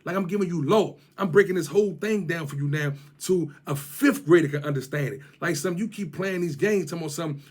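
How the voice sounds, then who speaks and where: A man's voice: a little high, brisk, few pauses, darkish tone, husky. A man with a Washington DC area accent, ranting and mocking someone to camera in heavy street slang, repeating his jabs. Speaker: vlogger.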